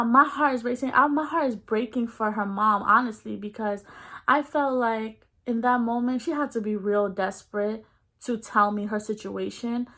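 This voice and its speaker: Young female vlogger with a fairly high voice, candid and expressive, for a casual storytime retelling. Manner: acts out quoted dialogue in her story.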